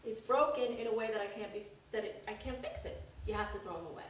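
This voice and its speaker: A woman's voice: mid-range voice, fast talker, slight background noise, close to an everyday voice. A woman voicing a blunt male shoemaker who insists plainly, heard in an echoey room from a distance. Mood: insistent.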